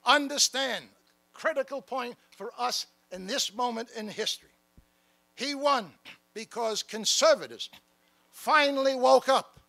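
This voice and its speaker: A man's voice: extremely high pitch, gravelly, bright, forceful tone, exaggerated voice. A man playing a fiery revolutionary founding father, giving an impassioned, emphatic political speech from a stage at a podium microphone. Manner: impassioned, emphatic, calls out to the crowd. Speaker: keynote speaker. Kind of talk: rousing political speech in character. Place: stage at a large gathering.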